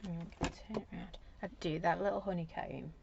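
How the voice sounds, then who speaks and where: A woman's voice: fairly low pitch, steady tone, a little fast, vocal fry, a little mellow, lo-fi sound, slight background noise. A woman giving a chatty live craft demo at her desk at home, rambling and talking to herself as she works. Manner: rambling, talks to herself while working. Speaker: craft demonstrator.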